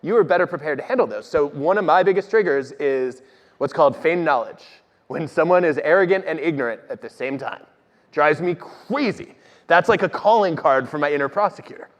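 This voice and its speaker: A man, an organizational psychologist, telling stories on stage in an animated, self-deprecating way. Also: on the high side, brisk. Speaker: organizational psychologist guest speaker. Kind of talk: conversational talk on stage. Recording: dull audio with long hall reverb.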